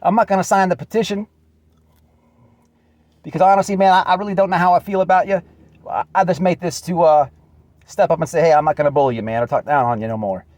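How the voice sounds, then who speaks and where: Man, high voice, dry close recording; earnest, repetitive direct-address message. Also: fast talker, pauses often, a little mellow, dry recording. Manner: earnest, repetitive, calls listener "man" often. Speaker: channel host.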